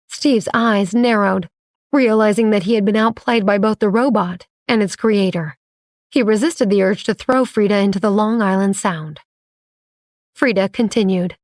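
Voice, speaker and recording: A woman reading a romance audiobook in measured, even storytelling on a close mic. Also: mid-range voice, no echo. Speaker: narrator. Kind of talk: scripted audiobook narration.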